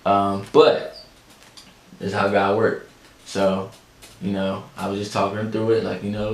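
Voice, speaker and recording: Podcast host guy, low voice, chatty story mode, echoey room with faint hiss. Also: measured pace, creaky, long pauses. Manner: animated, chatty, addresses listeners as y'all. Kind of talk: casual storytelling chat.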